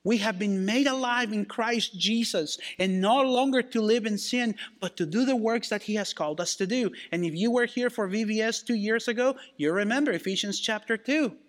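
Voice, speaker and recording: High-voiced man preaching a sermon. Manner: preaching, slowing down to stress key phrases. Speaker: pastor.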